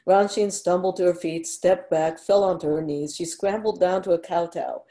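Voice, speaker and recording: Female story narrator, measured and unhurried; low, mellow tone. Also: fairly even intonation. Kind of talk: story reading.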